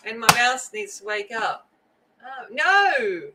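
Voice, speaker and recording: Lady chatting slow and easy while she colors, says hi to folks in chat. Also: on the high side, very animated, bright, forceful tone, slight background noise, poor audio. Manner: chatty, greets viewers by name. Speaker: livestream host.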